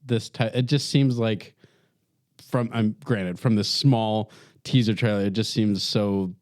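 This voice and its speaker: A man's voice: fairly low pitch, measured pace, darkish tone, no echo, studio quality. A man co-hosting a casual podcast, hesitant and stumbling through his opinions. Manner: hesitant with restarts. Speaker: podcast co-host. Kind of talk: casual chat.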